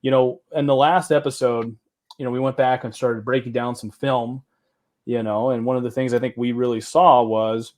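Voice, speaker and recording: A man's voice: medium pitch, little pitch movement, moderate pace, darkish tone. A man with a Southern accent hosting a casual sports podcast, talking in a laid-back, rambling way with casual swearing. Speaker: podcast host.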